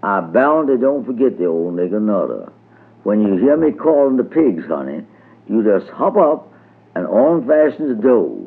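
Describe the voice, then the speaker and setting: A man's voice: fairly low pitch, very animated, normal speed, slightly rough, heavily acted. A man voicing a kindly old male storyteller who speaks confidentially and fondly to a child, on a tinny old radio recording. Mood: confiding. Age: older. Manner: confidential, fond.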